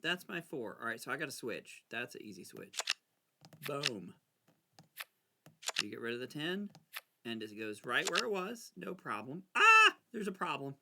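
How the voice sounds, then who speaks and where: A man casually talking himself through a card game, anxious and excitable, arguing with himself as he plays. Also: mid-range voice, moderate pace, vocal fry, long pauses, heavy background noise. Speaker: gameplay video creator. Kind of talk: casual talk over a solitaire game.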